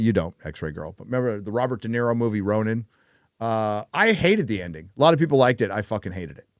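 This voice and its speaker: A man's voice: mid-range voice, no room sound, studio quality. A man hosting a casual livestream chat, ranting with plenty of swearing and reading out viewer donations. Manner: profane, ranting. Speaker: host; reads viewer donations aloud.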